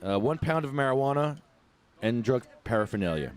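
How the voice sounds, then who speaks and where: A man's voice: medium pitch, animated, a little fast. Offhand podcast co-host man. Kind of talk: reading news aloud and casual chat.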